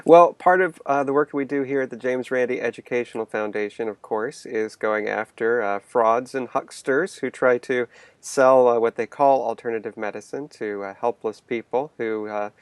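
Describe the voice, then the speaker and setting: A man's voice: medium pitch, moderate pace, smooth, dry recording. Easygoing man co-hosting a podcast. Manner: many "uh" fillers, easygoing. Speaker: podcast co-host. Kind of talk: casual podcast chat.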